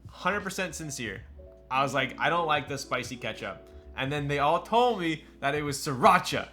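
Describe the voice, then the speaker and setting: Bright-voiced man chatting on a stream. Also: fairly high pitch, expressive, moderate pace, faint music behind. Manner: chatty and joking, replies to chat, laughs often. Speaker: live streamer building a keyboard. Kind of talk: casual live-stream chat.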